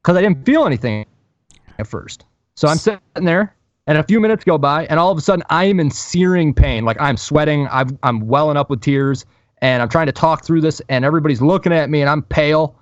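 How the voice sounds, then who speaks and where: A man co-hosting a podcast, telling a profane, animated story in casual chat. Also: a little high, fairly quick, no room sound, lo-fi sound. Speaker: podcast co-host.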